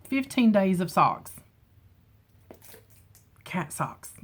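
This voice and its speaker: A middle-aged woman chatting casually on camera from her home, emotional and quick to laugh. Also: mid-range voice, very animated, slightly rough. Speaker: beauty vlogger. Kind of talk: casual chat. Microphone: camera mic with ring light.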